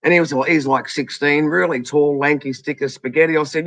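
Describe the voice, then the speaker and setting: A woman's voice: sits low, a little fast, few pauses, no room sound. A woman with an Australian accent, telling stories in casual chat, swearing freely and acting out other people's voices.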